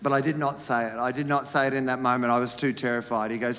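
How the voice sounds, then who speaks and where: Australian male stand-up, bright tenor, animated storyteller, faint room ambience. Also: quick pace, few pauses, big-room sound, slight background noise. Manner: animated storytelling, acts out characters with big pitch jumps. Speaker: stand-up comedian. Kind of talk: stand-up comedy set. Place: comedy stage before a live audience.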